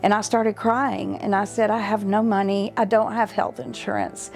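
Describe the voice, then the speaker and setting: A woman's voice: mid-range voice, level tone, moderate pace, creaky, darkish tone. A middle-aged woman giving an earnest, heartfelt personal testimony about a hard time in her life. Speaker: client telling her story. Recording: faint music underneath.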